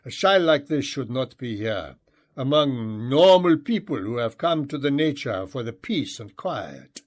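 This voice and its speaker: A man's voice: medium pitch, expressive, a little slow. A man voicing an indignant middle-aged male German tourist who speaks in a stiff, stilted way with a German accent. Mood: stubborn.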